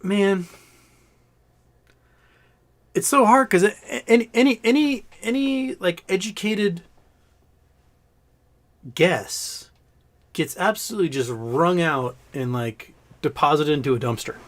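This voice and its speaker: A man's voice: fairly high pitch, takes it slowly, long pauses, fairly bright tone. A man hosting a casual livestream with a slightly scratchy throat, rambling and joking as he reads out viewer questions. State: scratchy throat after illness. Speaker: livestream host.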